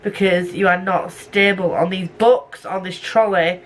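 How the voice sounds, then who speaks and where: Young woman, casual book vlogger, rambling and self-deprecating, middling pitch, camera mic with a touch of noise. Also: steady tone, measured pace. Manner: rambling, self-mocking, goes off on tangents. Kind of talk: casual vlog chat. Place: home room at night.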